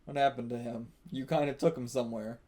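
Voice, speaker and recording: A man of middle pitch reacting live to a manga as he reads. He thinks out loud in a loose, casual way, chuckles a lot and drops the odd curse. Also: fairly even intonation, quick pace. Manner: casual, thinks aloud, laughs often, swears. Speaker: manga reaction channel host. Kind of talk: live reaction while reading manga aloud.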